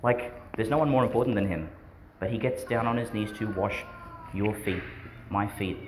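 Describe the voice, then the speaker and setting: Priest with a lowish voice, chatting through a school homily and quizzing the kids. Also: male voice, moderate pace, slight background noise. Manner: chatty, asks questions, laughs often. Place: school church service.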